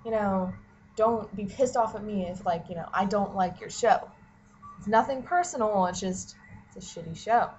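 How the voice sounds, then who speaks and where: A woman's voice: medium pitch, moderate pace, a little mellow, highs cut off, faint music behind. A young woman, a college student, ranting casually to camera, swearing and saying "like" constantly. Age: young adult. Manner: profane, heavy use of "like", exasperated.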